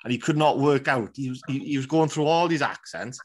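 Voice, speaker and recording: Laid-back Welsh podcast host. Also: male voice, medium pitch, a little fast. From Wales. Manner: relaxed, chatty, with many fillers. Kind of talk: casual podcast chat.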